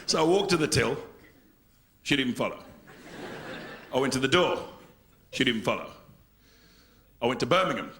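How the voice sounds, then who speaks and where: A middle-aged English man performing a live stand-up routine, animated, swinging between loud bursts and low mutters. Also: moderate pace, long pauses, a little hiss or hum. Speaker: stand-up comedian.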